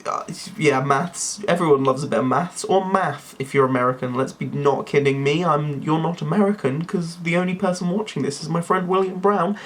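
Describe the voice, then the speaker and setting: Young male vlogger, slightly high voice, rambling delivery with sudden jumps in pitch. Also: moderate pace, few pauses. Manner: rambling, tangent-prone, jumpy pitch. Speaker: YouTuber. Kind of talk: casual rambling monologue.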